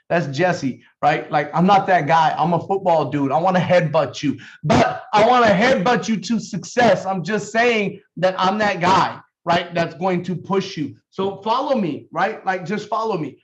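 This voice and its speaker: Man, team leader, emphatic, driven, slightly high voice, dull lo-fi sound. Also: normal speed. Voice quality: fired up, emphatic, intense delivery. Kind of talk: motivational sales training talk.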